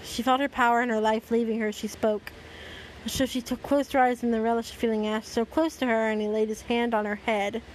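A woman's voice: a little high, level tone, fairly quick, slight background noise, rough recording. Sarcastic woman reading a story aloud. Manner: dry, sarcastic asides. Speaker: host reading fan fiction aloud. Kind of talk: dramatic reading with sarcastic commentary.

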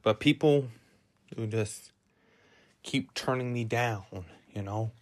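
A man's voice: medium pitch, slow pace, no echo. A man hosting a solo podcast who rambles and muses aloud, often putting himself down. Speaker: podcast host.

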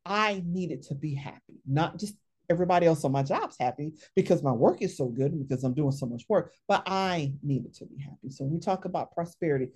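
Brief: woman career coach, interview guest, lowish mellow voice, emphatic storyteller. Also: slightly rough. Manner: lively, emphatic, frequent tag questions.

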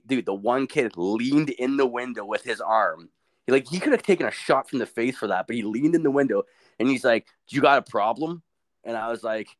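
A man co-hosting a podcast, telling crude stories in casual chat, swearing constantly and laughing often. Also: medium pitch. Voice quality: profane, animated storyteller who laughs a lot. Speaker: podcast co-host.

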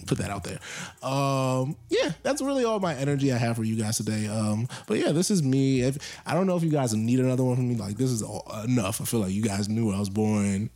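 Animated young man ranting casually. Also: medium pitch. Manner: rambling, joking, animated rants. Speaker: podcast co-host. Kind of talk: casual chat.

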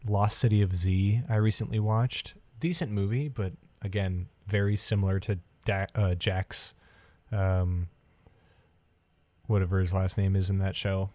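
A man talks through a movie with a friend in an easy, opinionated way, tossing off dry jokes. His voice sits a little low, and the sound is close and dry with no room echo. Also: a little slow. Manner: relaxed, opinionated, dry joking. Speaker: podcast co-host. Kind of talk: casual movie watch-along chat.

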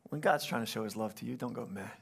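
A young adult man, a pastor, telling a story in a sermon in an animated way and acting out the quotes. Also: mid-range voice, racing, creaky.

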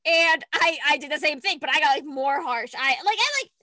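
A woman's voice: high voice, fairly quick, dry recording, clean studio sound. A young woman telling stories in a casual chat, acting out voices and laughing often. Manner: animated storytelling, acts out voices, laughs a lot, swears.

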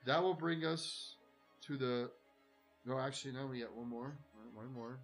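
A man's voice: mid-range voice, steady tone, normal speed, soft background music. A man acting as game master, casually narrating a tabletop game with easygoing fillers.

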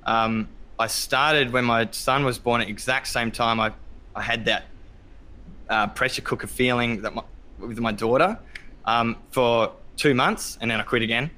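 A man, talking as a guest, sharing a personal story openly with many ums and loud acted-out quotes. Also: mid-range voice, steady tone, normal speed. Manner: open, reflective, many ums, acts out quotes loudly. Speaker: podcast guest. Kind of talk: candid conversational storytelling.

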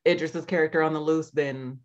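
A woman's voice: deep voice, steady tone, a little slow, highs cut off. A woman co-hosting a casual movie review podcast, asking questions and laughing easily. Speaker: podcast co-host.

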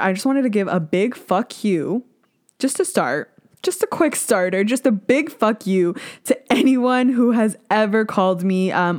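A young woman hosting a solo podcast, talking in a blunt, casual, animated rant with plenty of swearing. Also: medium pitch. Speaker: podcast host.

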